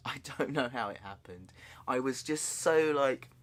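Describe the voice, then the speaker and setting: A man sharing a personal story in a candid, halting way, with nervous laughs and frequent restarts. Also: mid-range voice, animated. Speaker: vlogger. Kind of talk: personal confessional vlog.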